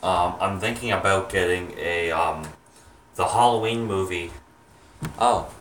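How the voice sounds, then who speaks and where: A young man chatting to his viewers, rambling and halting with many ums and restarts. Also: sits low, fairly bright tone, echoey room, far from the mic, slight background noise. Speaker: vlogger, home haunt maker. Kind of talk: rambling casual chat to viewers.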